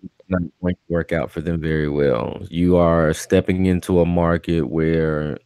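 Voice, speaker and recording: Podcast guy, slow and deliberate, bit of a mock serious tone, dry close mic. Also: low voice, fairly even intonation, dark tone, clean tone, no room sound. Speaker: podcast co-host. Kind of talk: casual podcast banter.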